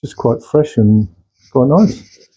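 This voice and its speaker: A man chatting casually as he brews and pours his own beer in a home bar shed, relaxed and asking tag questions. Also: mid-range voice, slow, breathy edge, rough recording. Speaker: home brewer. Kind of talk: casual how-to chat. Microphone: camera mic, held by a helper.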